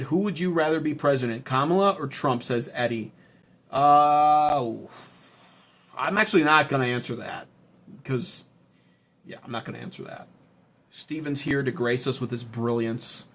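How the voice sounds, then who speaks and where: A man's voice: medium pitch, fairly even intonation, brisk, a bit bright. Guy ranting on a stream, sarcastic, swears a lot, reads chat. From United States. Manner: profane, sarcastic, heated. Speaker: political commentary streamer. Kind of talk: livestream commentary reading chat.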